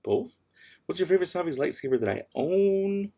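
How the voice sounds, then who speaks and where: A man with kids hosts a casual late-night livestream from his home, reading viewer questions and replying between tasks in an offhand, sassy way. His high voice swings widely in pitch, with a moderate pace and a dark tone.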